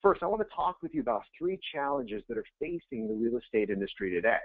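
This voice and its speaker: Animated man coaching over a tinny line. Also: mid-range voice, fast talker, dry recording. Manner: energetic, conversational, repeats phrases for emphasis. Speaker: real estate coach. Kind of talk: webinar presentation. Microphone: webinar audio feed. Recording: tinny phone-like line, dry.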